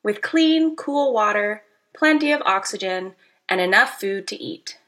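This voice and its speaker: A woman's voice: mid-range voice, animated, unhurried, a bit bright. Goldilocks, a woman voicing a fussy trout. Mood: hopeful. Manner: fretful, exclaiming, picky. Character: adventurous female steelhead trout, fussy about water.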